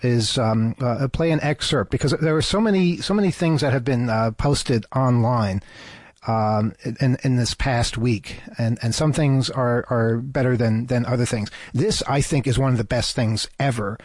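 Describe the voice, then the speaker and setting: A man's voice: medium pitch, moderate pace, darkish tone, no room sound. A man hosting an FM radio talk show, speaking in an earnest, hesitant way from a studio. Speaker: radio host.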